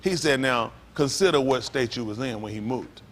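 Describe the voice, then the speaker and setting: A pastor preaching a sermon, reading scripture aloud slowly and commenting between verses, calling out to the congregation. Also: male voice, medium pitch, a bit bright. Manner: call-and-response preaching, rising to emphatic exclaims.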